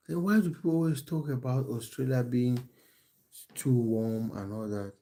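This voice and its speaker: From home in England, a soft, mellow-voiced man, a football coach and live streamer, reads viewer comments in a relaxed live-stream chat recorded on his phone. Medium in pitch and moderate in pace, he speaks in stops and starts, restarting sentences and leaning on ums.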